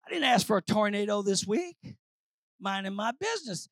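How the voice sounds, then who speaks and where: A preacher delivering a sermon, swinging between shouted declarations and low, quiet lines, calling out to the congregation. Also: lively intonation, normal speed, gravelly, dry recording. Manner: calls out to the congregation.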